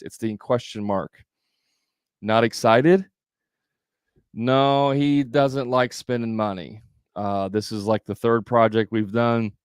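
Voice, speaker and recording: Man, sales coach, smooth voice, dry close sound, chatty, repeats himself. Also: on the low side, no echo. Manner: conversational, repetitive, with fillers and restarts. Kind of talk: live sales training.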